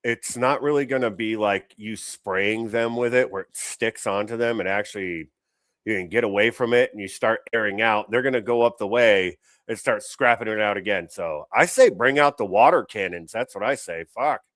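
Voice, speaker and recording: A man's voice: lowish voice, normal speed, a bit bright, no room sound, studio quality. A man hosting a show, giving a blunt, profane running commentary on video clips. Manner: blunt, swearing, fired up. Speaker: show host reacting to clips.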